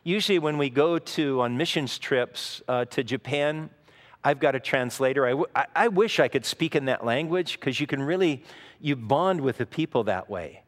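A man's voice: mid-range voice, lively intonation, moderate pace. A man preaching a sermon as a pastor, teaching in an earnest, conversational way with frequent asides. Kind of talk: expository sermon. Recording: long reverb of a large hall.

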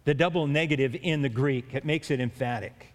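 A man's voice: mid-range voice, fairly quick. A man preaching a sermon in an earnest way, with stumbling restarts and emphatic rises on key words. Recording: long hall reverb.

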